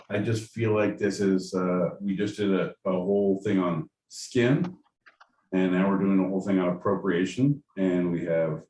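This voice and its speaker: A man with a very low voice rambles through casual podcast chat, swearing freely and filling his talk with "like" and "man". He sounds set back from the mic in an echoey room, with a faint hum of noise behind him. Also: dark tone, recorded from a distance. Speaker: podcast co-host.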